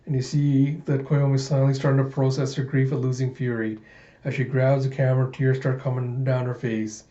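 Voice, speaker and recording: Man, casual manga recap, chatty and enthusiastic, mellow voice, dull echoey recording. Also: medium pitch, flat delivery, brisk. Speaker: manga read-through host.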